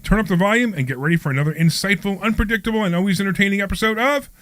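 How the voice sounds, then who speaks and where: A man's voice: high voice, very fast, fairly bright tone, no room sound. A man hosting a live radio talk show from a studio, reading an upbeat intro and then chatting loosely with his co-hosts. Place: studio at a training office.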